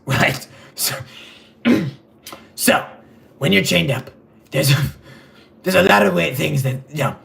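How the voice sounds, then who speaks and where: A man playing a vain, clueless rich male superhero in a comedic livestream sketch, rambling in a deadpan, gravelly voice. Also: a little high, full character voice. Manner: rambling, deadpan, self-absorbed.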